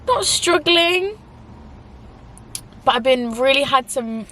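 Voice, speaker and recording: A woman's voice: high voice, expressive, takes it slowly, a bit bright, a little hiss or hum. Young woman rambling in a casual vlog. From England. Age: young adult. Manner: rambling, emotional, many "like" fillers. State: tearful at times. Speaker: YouTuber.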